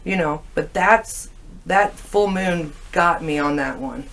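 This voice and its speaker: A woman's voice: fairly low pitch, slow pace. A woman guest in casual conversation, telling stories animatedly and acting out what people said. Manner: animated storyteller, acting out quoted lines. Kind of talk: casual chat.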